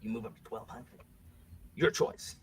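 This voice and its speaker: A man's voice: lowish voice, measured pace, slight background noise. A man hosting a bookish quiz game, playful and jokey, reading each clue twice. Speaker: quiz host. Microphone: desk microphone.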